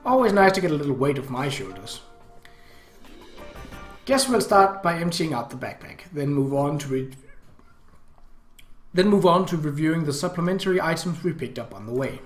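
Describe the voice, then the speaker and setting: A man's voice: fairly high pitch, sing-song, moderate pace, pauses often. A man reading a visual novel aloud in dry, wry first-person narration. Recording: echoey room, faint music.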